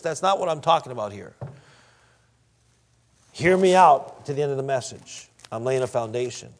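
In a church sermon, a pastor with a voice that runs high for a man reads scripture slowly and with care. He lowers into soft side remarks, then lifts his voice again for emphasis.

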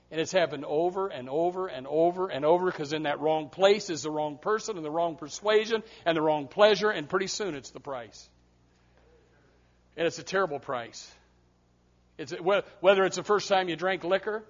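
A man preaching a sermon, emphatic, swinging between loud passages and hushed ones. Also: high voice. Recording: muffled lo-fi sound.

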